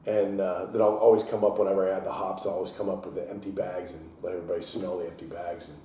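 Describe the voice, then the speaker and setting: Brewery owner, storyteller type, low mellow voice a little off mic, echoey taproom, faint hiss. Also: male voice, fast talker, far from the mic. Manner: animated storyteller, acts out quotes in a raised voice. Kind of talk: casual storytelling interview. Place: inside his brewery taproom.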